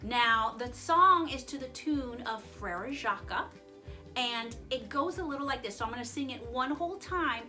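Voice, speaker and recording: Bright, high-voiced woman teaching children. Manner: playful and chatty, jokes and laughs, mixes in Spanish words. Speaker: Spanish teacher for young children. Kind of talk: friendly online lesson for children.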